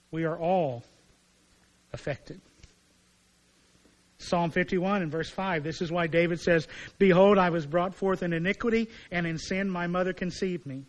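A pastor preaching a sermon, explaining scripture with lively acted-out dialogue and asides. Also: male voice, high voice, low-quality recording. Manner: animated preaching, acting out voices of biblical figures.

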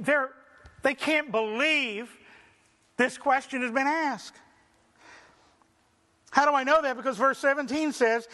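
A male preacher giving a sermon with rhetorical questions and dramatic pauses. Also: very high-pitched, pushed and bright.

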